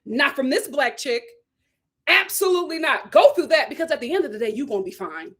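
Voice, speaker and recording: Young woman, high voice, sassy live-stream rant, lively swoops. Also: a little fast. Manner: animated, sassy ranting with laughs. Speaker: host. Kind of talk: casual live-stream commentary.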